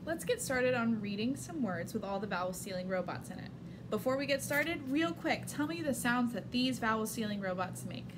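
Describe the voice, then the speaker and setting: A woman's voice: fairly high pitch, expressive, normal speed, noisy background. A woman teacher giving an encouraging, upbeat reading lesson for young children.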